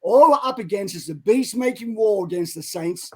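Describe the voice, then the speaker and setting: A middle-aged man co-hosting a Christian show, preaching with dramatic retellings that build to loud exhortations. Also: high-pitched, expressive, moderate pace, slightly rough, low-quality recording. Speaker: co-host of a Christian online show. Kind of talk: impassioned preaching and storytelling.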